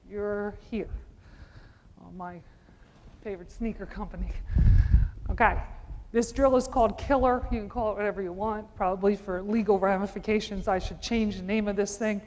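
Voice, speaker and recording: A woman basketball coach running a clinic, giving brisk commands and repeating urgent calls as players run drills. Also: medium pitch, a little mellow. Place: large indoor gym. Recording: long echoing gym reverb.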